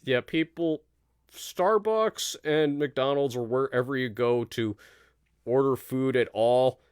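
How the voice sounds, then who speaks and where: A man hosting a casual live chat show, talking in halting bursts with frequent restarts. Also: mid-range voice, smooth, no echo, clean studio sound. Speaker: podcast host.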